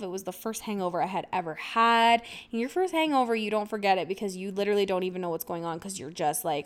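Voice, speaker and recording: A woman's voice: medium pitch, fast, hardly any pauses, clean tone. A woman hosting a podcast, telling a personal story in a rambling, casual way with lots of fillers and laughter. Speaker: podcast host.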